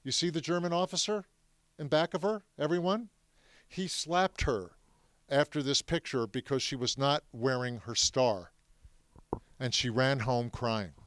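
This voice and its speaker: A man's voice: medium pitch, a little slow, a bit bright, dry recording. Brief: man addressing a class, emphatic, checks in with listeners, dry close sound. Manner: emphatic, addresses the audience with questions. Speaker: speaker telling his family's story to students. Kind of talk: classroom talk.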